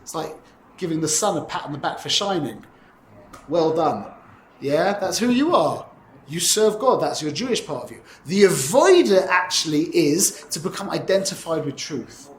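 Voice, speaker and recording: Animated man teaching a class, echoey room. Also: on the high side, normal speed, slight background noise. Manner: animated, uses Hebrew and Yiddish terms, frequent self-corrections. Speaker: Torah teacher. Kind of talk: lively class teaching Tanya. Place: classroom with students.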